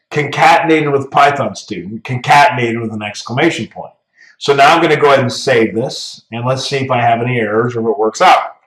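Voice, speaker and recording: A man's voice: medium pitch, a bit bright, far from the mic. A man teaching a programming class as a casual walkthrough, talking through each step and often checking in with "right?". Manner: casual, talks through steps, tags "right?". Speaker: programming instructor. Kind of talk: screen-recorded coding lesson. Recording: roomy echo, voice off-mic.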